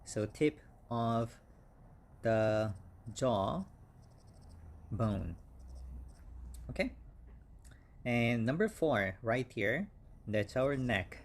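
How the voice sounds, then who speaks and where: A man teaching English vocabulary, speaking slowly and repeating each word several times for learners. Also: medium pitch, lively intonation. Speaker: English instructor. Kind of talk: slow vocabulary lesson.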